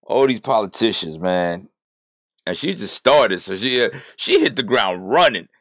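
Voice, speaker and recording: A man with a deep, low voice delivers a blunt, exasperated rant, swearing as he reacts. The sound is dry and close, with no room around it. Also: expressive, measured pace, fairly bright tone, no room sound. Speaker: political commentator reacting to a clip.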